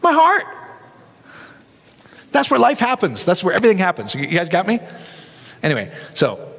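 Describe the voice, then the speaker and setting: Lively male pastor with a high, swooping voice, peppers his sermon with questions, reverb from a big hall. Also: normal speed, vocal fry, slightly rough. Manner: animated, asks the crowd rhetorical questions.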